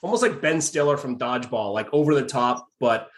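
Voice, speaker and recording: A man's voice: medium pitch, expressive, fairly quick. Easygoing man hosting a podcast. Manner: easygoing, laughs along, leads the segments. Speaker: podcast host. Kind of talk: casual podcast chat.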